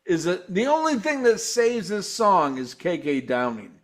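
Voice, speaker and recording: A man's voice: sits high, big pitch swings, unhurried. A man hosting a live show, ranting and swearing constantly as he reviews a concert, exasperated and mocking. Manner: mimics singers and guitars in loud mocking voices. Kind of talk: profane ranting commentary.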